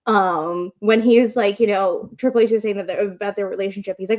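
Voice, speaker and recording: In a casual wrestling-show chat, a female podcast co-host gushes through lively stories peppered with fillers. She speaks briskly in a mid-range voice.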